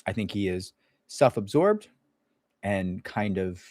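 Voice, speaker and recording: A man's voice: on the low side, lively intonation, slow, darkish tone, dry recording, clean studio sound. A man talking as an employment attorney in a casual livestream Q&A, blunt and sarcastic, mocking people in put-on voices. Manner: blunt, sarcastic, acts out others in mock voices.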